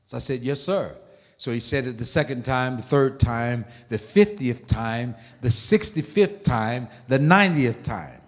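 A male pastor delivering a sermon with a mid-range voice, emphatic and repetitive, turning to the congregation with quick asides. His voice carries a long reverb from a large hall. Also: mid-range voice. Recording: echoey hall.

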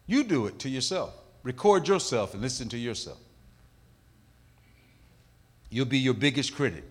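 Emphatic preaching man, bright voice. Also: medium pitch. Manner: emphatic preaching with swings from loud to hushed. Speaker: pastor. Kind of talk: sermon.

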